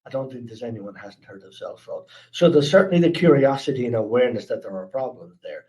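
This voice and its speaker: A man's voice: mid-range voice, lively intonation, fast talker, warm tone. An Irish man with an East Coast accent, giving a chatty, earnest webinar talk on security awareness and taking questions, often restarting his sentences. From Ireland. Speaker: speaker presenting a security awareness program.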